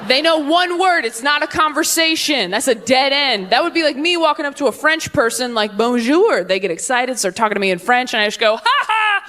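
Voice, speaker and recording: A young adult woman performing a stand-up comedy set, animated, slipping into quick voices for the people in her stories. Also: high voice. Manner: animated, slips into quick voices for friends, babies and her dad. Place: live comedy venue with audience.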